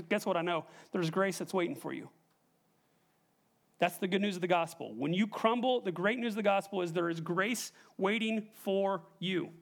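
Young male pastor with a high voice, preaching emphatically and putting questions to the congregation. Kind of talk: sermon.

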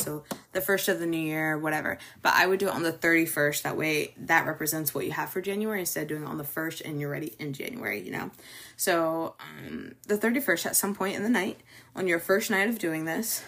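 A woman's voice: on the low side, a bit bright. A young adult woman hosting a casual chat, talking loosely with many fillers and small laughs. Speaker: host. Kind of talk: casual chat about New Year's traditions.

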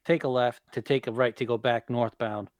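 A man's voice: medium pitch, steady tone, moderate pace, no echo. Male podcast co-host, swears freely, plain mid voice, dry close sound. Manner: profane, matter-of-fact. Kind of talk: casual chat, storytelling.

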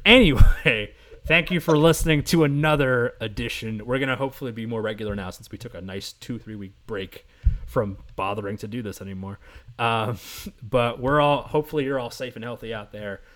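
A man's voice: medium pitch, fairly bright tone. A man from the East Coast of the US hosting a casual podcast chat, joking and teasing his guest and laughing often. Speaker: podcast host.

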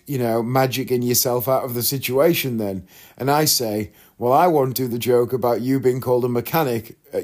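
Here a male vlogger speaks at medium pitch with a slightly mellow quality. His long story comes out chatty and open, wandering into side comments and quoted voices.

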